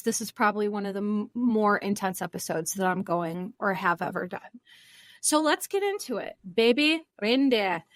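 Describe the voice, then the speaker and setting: A woman's voice: mid-range voice, a bit bright, no room sound, studio quality. A young woman therapist hosting her own podcast, talking earnestly and rambling a little, with self-deprecating asides. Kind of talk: solo podcast talk.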